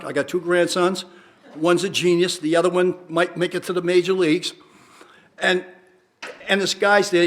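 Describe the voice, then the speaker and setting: An older man, a retired teacher and researcher, rambling through wry stories and drawing out his punchlines. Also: high voice. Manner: wry storyteller, drawn-out punchlines. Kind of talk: rambling anecdotal talk.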